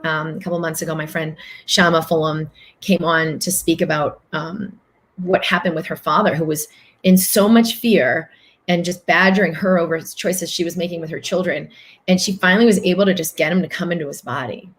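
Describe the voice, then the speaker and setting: A woman's voice: on the low side, steady tone, normal speed. A woman host talking earnestly on a live stream, reading out viewer comments and answering them in long flowing phrases.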